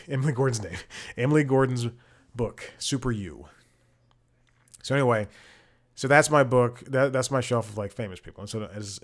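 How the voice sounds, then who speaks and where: Young male podcast host, lowish voice, casual rambling delivery, full of restarts. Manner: rambling, frequent restarts and asides, frustrated. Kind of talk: casual chat.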